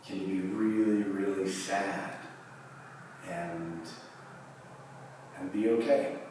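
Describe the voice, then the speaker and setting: A man teaching a guided yoga class, giving calm cues with long pauses between them. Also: low-pitched, slight background noise. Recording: distant mic in a very echoey room.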